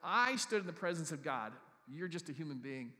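A man voicing a stern male angel messenger who makes forceful, insistent declarations. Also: on the high side, expressive, brisk. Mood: commanding. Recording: long hall reverb.

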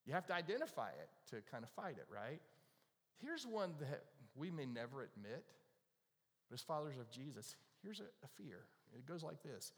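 A man preaching to his congregation in a conversational way, often turning to ask them questions. His voice sits at an ordinary mid pitch. It carries a long reverb from the large hall. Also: very animated, normal speed. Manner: conversational, asks the congregation questions, acts out worried prayers. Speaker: pastor. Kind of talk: sermon. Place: church with audience.

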